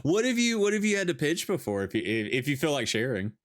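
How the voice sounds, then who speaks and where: A man's voice: a little high, big pitch swings, fast. A man hosting a podcast, chatting casually while watching a film, laughing often and swearing freely. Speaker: podcast host.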